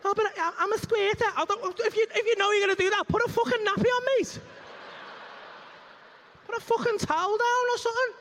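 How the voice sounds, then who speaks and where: High-voiced crude stand-up comic. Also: male voice, fairly even intonation, a little fast, pauses often, fairly bright tone, slight background noise. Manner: crude, ranting, acts out moaning voices. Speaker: stand-up comedian. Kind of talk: stand-up comedy routine. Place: comedy club stage.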